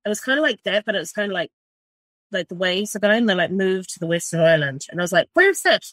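A woman's voice: mid-range voice, fast, a bit bright, dry recording. A middle-aged woman chef from New Zealand with a New Zealand accent, talking in a casual, rambling way with lots of swearing and fillers. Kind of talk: casual interview.

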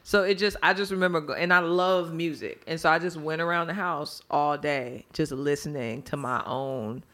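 A woman's voice: low voice, moderate pace, fairly bright tone, a little hiss or hum. A woman co-hosting a casual faith podcast, candid and practical, telling personal anecdotes. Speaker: podcast co-host.

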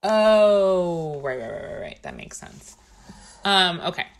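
Bright-voiced, chatty woman podcaster. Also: rumbling low, huge pitch swings, moderate pace, vocal fry. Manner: chatty, swearing, laughs often, mimics movie lines. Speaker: podcast co-host. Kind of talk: casual chat.

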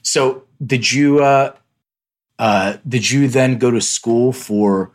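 Taking things slowly in a medium-pitched voice, this Lithuanian-born podcast host has a Philadelphia accent. His interview is a casual chat, and he's friendly and talkative, though he often starts his questions over.

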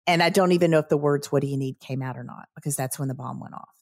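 A woman's voice: sits low, quick pace, gravelly, darkish tone, no echo, studio quality. A woman, a guest earnestly recounting a personal story in a podcast interview. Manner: earnest, vivid recounting with quoted inner thoughts. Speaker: guest, credit union CEO.

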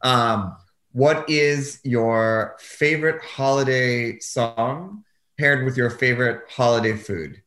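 A man's voice: medium pitch, takes it slowly, a bit bright. A man hosting an interview over a video call, chatty and asking questions. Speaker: host. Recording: roomy echo.

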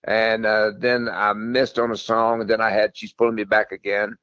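A man's voice: lowish voice, little pitch movement, normal speed, fairly bright tone, dry recording, highs cut off. An older man, a country singer telling stories in an interview, in a folksy, rambling way that repeats itself. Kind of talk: storytelling interview.

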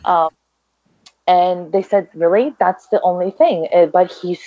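A woman's voice: fairly low pitch, measured pace, no room sound. A young mother answering interview questions in a chatty way, with many "like"s and fillers. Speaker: guest, mother. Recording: dry, dull lo-fi audio.

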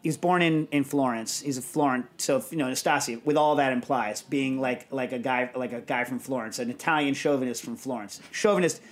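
A man hosting a podcast in casual chat, telling digressive, animated stories. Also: medium pitch, a little fast, few pauses. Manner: rambling, digressive, animated storyteller. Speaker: podcast host.

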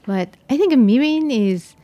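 A woman's voice: high voice, animated, unhurried, lo-fi sound. A woman hosting a podcast interview, chatty and adding her own notes to the conversation. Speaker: podcast host. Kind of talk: casual interview chat.

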